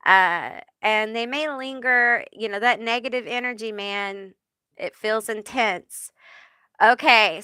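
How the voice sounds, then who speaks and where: Slow, bright-voiced woman medium. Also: mid-range voice, clear, resonant tone, dry recording, studio quality. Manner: hesitant, reassuring, frequent "okay?" tags. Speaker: tarot reader and medium. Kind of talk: channeling spirit messages live.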